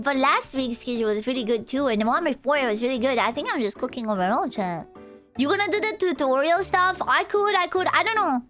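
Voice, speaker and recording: A woman streamer chatting casually with her viewers, rambling and excitable, laughing often and saying "dude" a lot. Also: sits high. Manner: laughs often, trails off into restarts. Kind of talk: casual livestream chat with viewers. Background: faint background music.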